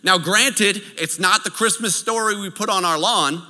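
A man preaching from the pulpit, his voice high-pitched and piercingly bright. His delivery swings up and down as he tells stories and checks in with the congregation. A long reverb tail trails off in the large hall. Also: moderate pace. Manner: lively storytelling, checks in with the audience. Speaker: pastor. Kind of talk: sermon.

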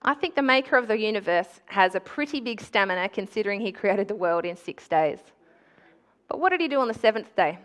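A young woman giving an animated, conversational sermon with call-and-response in a church. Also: medium pitch, brisk. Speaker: preacher.

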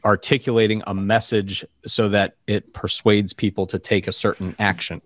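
A man's voice: fairly low pitch, level tone, normal speed, a little hiss or hum. A man interviewing a guest in casual chat, hesitant and restarting his sentences often. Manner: hesitant, many restarts and fillers.

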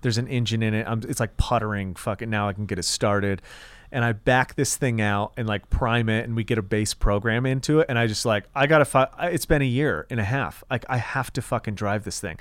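A man's voice: lowish voice, a little fast, no room sound. A man co-hosting a podcast, telling a long profane story in casual chat and acting out the people in it. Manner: profane, animated storyteller quoting others. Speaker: podcast co-host.

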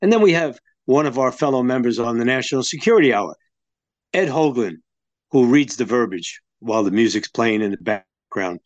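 An older American man hosting talk radio and signing off the show. He rambles in a folksy way and often restarts his sentences. His voice sits at a middling pitch. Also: lively intonation, moderate pace, dry recording, highs cut off.

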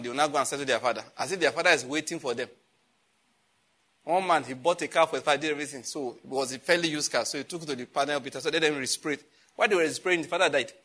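A Nigerian man preaching with a bright, forceful tone and a slightly raised pitch. His voice has a husky edge. He laughs through his stories and prompts his listeners to answer back. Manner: animated preaching, laughing at his own jokes, calls for congregation responses. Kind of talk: sermon.

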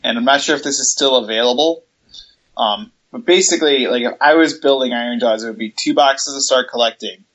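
A man's voice: mid-range voice, brisk, a bit bright. Man explaining over dull lo-fi audio. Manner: explains steadily, lists items, some fillers. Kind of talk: casual hobby chat.

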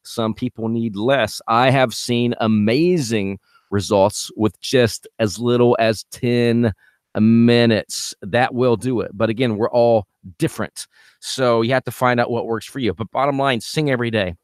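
A man's voice: mid-range voice, fairly even intonation, unhurried, dry recording, studio quality. A man hosting a podcast as a vocal coach, giving casual advice with energy and repeating his key points.

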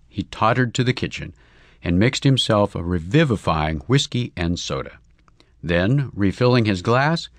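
A man narrating a comic story in a measured, wry reading. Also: on the low side, dry recording.

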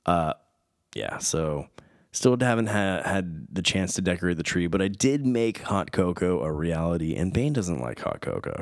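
A man hosting a podcast, rambling through a home story with tangents and self-deprecating asides. His voice sits very low and deep. The sound is dry and close, with no room around it. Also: no room sound. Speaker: podcast host, father. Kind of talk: casual rambling monologue. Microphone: studio microphone.

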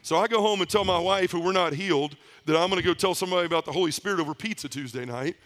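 A man giving a personal testimony at a men's conference, a lively storyteller who acts out the voices of the people in his story. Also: high-pitched, very fast. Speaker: conference speaker.

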